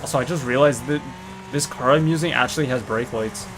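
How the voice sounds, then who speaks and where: A man giving rambling, excitable commentary while he plays a game, often saying "dude", on a desk mic near a noisy computer. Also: medium pitch, brisk. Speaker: gamer. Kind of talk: casual gameplay commentary. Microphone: desktop mic near a noisy computer. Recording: loud racing game sounds behind voice.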